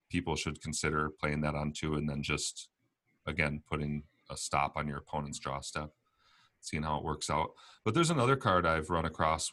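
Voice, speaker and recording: A man's voice: extremely low pitch, bright, forceful tone. A man co-hosting a podcast, talking about a card game in a rambling, casual way and often laughing. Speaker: podcast co-host.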